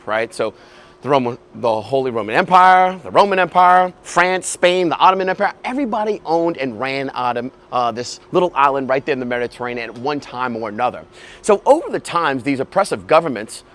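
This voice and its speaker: A man giving a walking tour outdoors, animated, casual and profane. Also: a little high. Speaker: tour guide. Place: outdoors on a city street.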